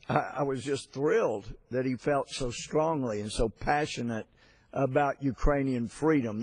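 Slow, deliberate congressman. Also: medium pitch, darkish tone, dry recording. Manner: storytelling, halting with fillers and restarts. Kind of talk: floor speech with anecdote.

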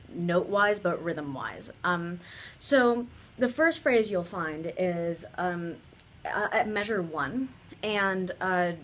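A woman's voice: medium pitch, fairly bright tone, slight background noise. A woman teaching a choir, patiently demonstrating consonant sounds and leading call-and-response rhythm drills. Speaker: composer teaching her choral piece. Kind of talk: pronunciation and rhythm lesson.

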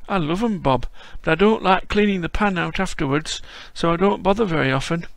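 A man's voice: a little high, vocal fry, dry recording, pitched above the performer's own voice. A man doing a frail old Yorkshire man. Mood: homely. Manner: slow homely dialect speech.

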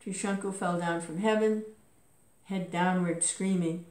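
A woman's voice: fairly low pitch, steady tone, measured pace, a little mellow. A woman reading an epic story aloud with occasional casual asides and filler words. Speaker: reader. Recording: roomy echo.

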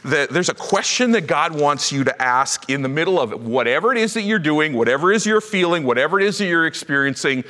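Emphatic preacher man with a bright voice. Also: medium pitch, in a large hall. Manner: animated and emphatic storytelling. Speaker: pastor. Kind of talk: sermon. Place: church sanctuary.

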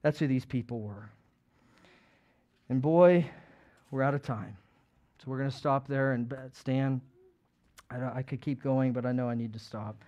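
A man pastor preaching a sermon, swinging from hushed pleading to loud, fervent calling out. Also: medium pitch, moderate pace, pauses often, faint music behind.

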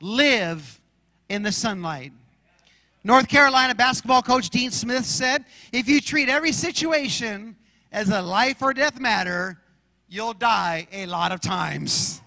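A man's voice: sits high, expressive, measured pace, gravelly, pushed and bright, no room sound, in a large hall, low-quality recording. A male pastor preaching a sermon, emphatic, and slipping into chatty storytelling. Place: large church sanctuary.

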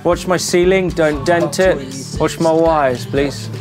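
A young man talking to camera from inside a van, his voice a touch higher than most men's. He chats easily and jokes at his own expense, recorded on the camera's own mic. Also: slow, over music. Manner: chatty, joking and self-mocking. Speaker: van-build vlogger. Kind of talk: casual to-camera vlog. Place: inside a van being built.

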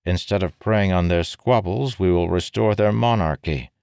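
A proud, suspicious nobleman who snaps and growls his curt answers, as a man puts him on. The voice stays deep and deliberate. It has the dry, close sound of a storybook reading. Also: creaky, a little mellow, smooth, no room sound. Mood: guarded. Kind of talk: audiobook character voice.

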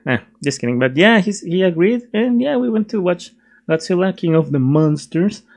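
A man's voice: sits high, lively intonation, normal speed, a little mellow. A young man casually reviewing a film while sketching at his desk, chatty and self-mocking, laughing often. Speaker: video reviewer.

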